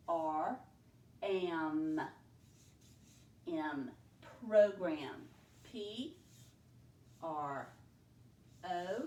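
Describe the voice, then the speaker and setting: A woman teacher talks slowly and patiently, breaking words into sounds and letters one at a time. Her voice sits in a middle register. She stands back from the mic in an echoey room. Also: on the low side, darkish tone, distant mic. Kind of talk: spelling dictation lesson.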